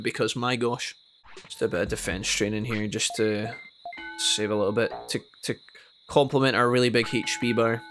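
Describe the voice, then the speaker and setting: Scottish male gaming streamer, casual, mid-pitched, chatty storyteller; slight background noise. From Scotland. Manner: chatty, addresses viewers as guys, animated when telling stories. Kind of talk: casual gameplay chat with storytelling.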